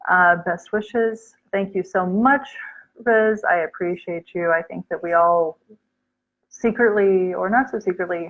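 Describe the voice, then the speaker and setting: A woman's voice: on the low side, a bit bright, highs cut off. Chatty American woman on a livestream. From United States. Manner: chatty, reads comments aloud, mixes in Urdu words. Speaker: livestream host answering viewer comments. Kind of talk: casual livestream chat.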